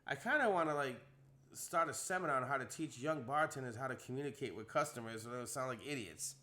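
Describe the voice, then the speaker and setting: A young man telling a story on a casual podcast, animated, acting out the quotes in a rising voice. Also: medium pitch, fast talker.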